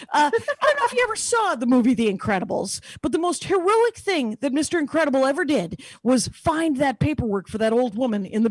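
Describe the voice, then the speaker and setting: A woman's voice: high-pitched, slightly rough, dry recording. A woman doing a stand-up set over a video call, telling stories in a chatty, digressive, self-mocking way. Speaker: stand-up comedian.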